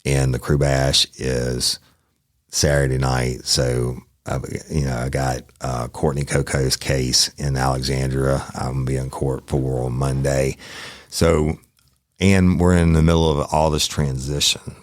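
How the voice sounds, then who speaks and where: A man's voice: rumbling low, little pitch movement, measured pace, dry recording, studio quality. A middle-aged man, a former detective hosting a podcast, telling a crude story casually with many restarts. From Louisiana, US. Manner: profane, laughing anecdote with many restarts.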